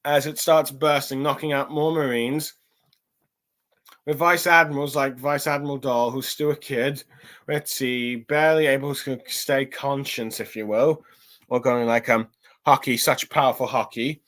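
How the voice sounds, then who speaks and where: A man's voice: mid-range voice, steady tone, measured pace, a bit bright. Rambling man recapping with many ums. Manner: rambling, lots of ums and self-corrections. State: a little tired. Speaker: chapter reviewer. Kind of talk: casual recap and review.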